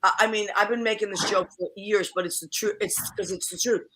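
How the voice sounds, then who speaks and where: Woman host, chatty and animated; bright tone. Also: medium pitch, a little fast, a little hiss or hum. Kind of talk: casual chat.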